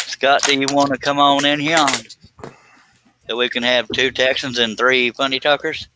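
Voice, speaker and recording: A man's voice: medium pitch, flat delivery, normal speed, noisy background. A man hosting a live stream in casual chat, joking and laughing often with folksy oaths. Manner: jokey, laughs a lot, folksy swearing.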